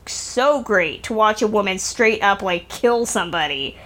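A woman's voice: medium pitch, expressive, a little slow, fairly bright tone. A woman co-hosting a casual film review chat, talking with chatty, hesitant restarts. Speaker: film podcast co-host.

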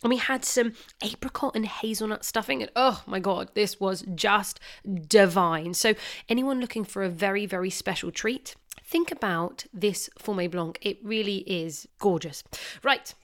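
A woman's voice: mid-range voice, moderate pace, a bit bright. A woman presenting a wine tasting and then interviewing a guest, talking in an effusive, enthusiastic way.

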